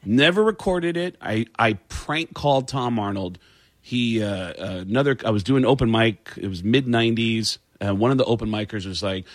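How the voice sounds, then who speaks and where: Animated middle-aged comedian telling stories. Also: male voice, medium pitch, normal speed, no room sound. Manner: animated, slips into voices. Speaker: stand-up comedian guest. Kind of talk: casual interview storytelling.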